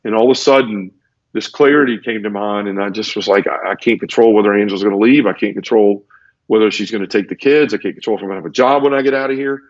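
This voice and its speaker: A man's voice: fairly low pitch, fast, dry recording. A man, a podcast guest, telling his personal testimony in an emotional, repetitive way and acting out sound effects. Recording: dull, lo-fi podcast audio.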